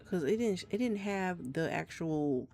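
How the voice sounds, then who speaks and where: A live streamer with a slight Trinidadian accent, talking at an ordinary middle pitch in a loose, rambling way. The speech is frank and full of swearing, with thoughts restarted again and again. Faint game music plays underneath. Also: animated, a little slow, creaky, darkish tone. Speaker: gameplay streamer. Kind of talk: casual live-stream chat. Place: home, South Florida.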